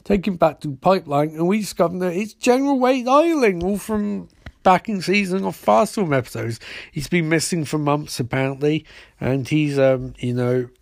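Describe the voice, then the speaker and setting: A man's voice: on the high side, vocal fry, dry recording, clean studio sound. Rambling sarcastic podcast man. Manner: rambling, sarcastic retelling with quick voiced quotes. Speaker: podcast host. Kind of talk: casual episode recap.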